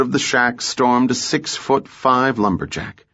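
A man narrating a story in a measured, even way, in a muffled audiobook recording. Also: on the low side. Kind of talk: scripted narration.

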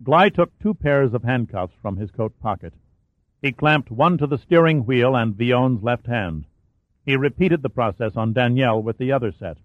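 A man reads a thriller aloud in a steady, dramatic narrating voice of middle pitch. The sound is dry and close, squeezed into a narrow, phone-like band. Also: normal speed, dry recording. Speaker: audiobook narrator.

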